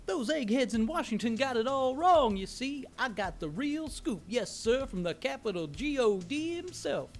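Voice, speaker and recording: A man voicing a wild, manic male cult leader who preaches in a shouty sing-song. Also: extremely high pitch, big pitch swings, moderate pace, few pauses, faint music behind, voice pushed up, full character voice. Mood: manic preaching.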